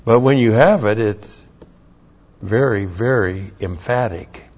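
Slow, emphatic male preacher, lo-fi. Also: on the low side, darkish tone, husky. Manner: slow, emphatic, repeats key phrases, spells out Greek words. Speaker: pastor. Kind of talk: verse-by-verse Bible teaching sermon. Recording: dull lo-fi sermon recording.

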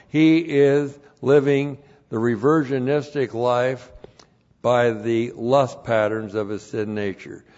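Male Bible teacher, slow and methodical, repeats every point, muffled lo-fi tape. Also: medium pitch, a little mellow. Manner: deliberate, repeats each numbered point twice. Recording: dull lo-fi recording.

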